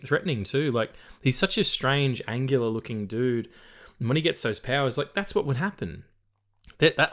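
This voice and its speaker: Rambling, swearing man on a podcast. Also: mid-range voice. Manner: rambling, swears freely, many fillers and restarts. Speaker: podcast co-host. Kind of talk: casual film podcast chat.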